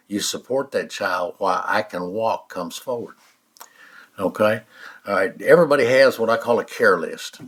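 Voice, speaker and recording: A man, guiding an eyes-closed mind exercise in a folksy way, checking in with "all right?" again and again. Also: sits low. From United States. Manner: slow, soft-spoken guidance. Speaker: author teaching a mind exercise.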